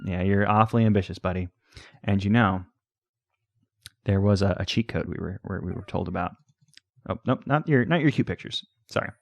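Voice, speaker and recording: A man's voice: deep voice, normal speed, creaky, long pauses, no echo. A man hosting a let's play, rambling and hesitant as he talks to the game's pets. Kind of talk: casual game commentary.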